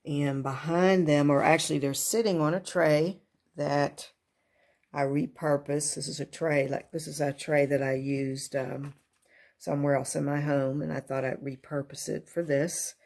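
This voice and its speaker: A woman with a low, creaky voice and a darkish tone speaks at a measured pace, her intonation fairly even. Standing next to a kitchen cart at home, she chats casually while showing off her home decor, filling her talk with fillers and uncertain asides. A handheld camera records her from up close.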